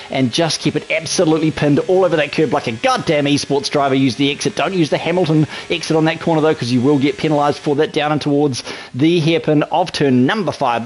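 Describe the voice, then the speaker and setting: A man commentating a sim race lap with excited, colloquial patter. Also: a little high, slight background noise, rough recording. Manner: excitable, colloquial, talks through an onboard lap. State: a little out of breath. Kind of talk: energetic sim racing commentary.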